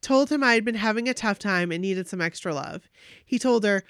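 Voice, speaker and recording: A woman co-hosting a podcast, reading a fan's story aloud in an animated way. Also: medium pitch, brisk, clean tone, no room sound, studio quality.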